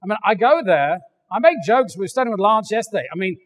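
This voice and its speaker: An older English man preaching a sermon, animated and joking, acting out little voices as he goes. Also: high-pitched, quick pace, long reverb tail. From England. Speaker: pastor. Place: large church hall.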